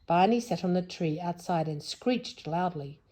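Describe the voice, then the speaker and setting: Woman reading a children's storybook aloud, low-pitched and mellow, a bit husky, with whispered asides. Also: a little slow. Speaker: storybook reader.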